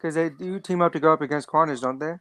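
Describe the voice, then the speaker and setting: A chatty co-host with a smooth, clean voice, recorded close and dry with no room sound. They giggle often and keep cutting in with quick questions. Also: mid-range voice, fairly bright tone, no room sound. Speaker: podcast co-host. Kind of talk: casual chat.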